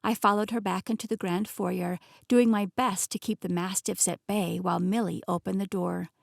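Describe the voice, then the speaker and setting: Woman, audiobook narrator, first-person, expressive, mid pitch, dry booth sound. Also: moderate pace, vocal fry, no room sound.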